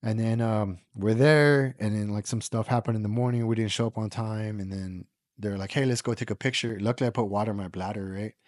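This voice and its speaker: Rambling American man, low dry voice. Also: steady tone, a little fast, darkish tone, no echo. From United States. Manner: rambling, filler-heavy, swears casually. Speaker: podcast guest. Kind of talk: casual storytelling conversation.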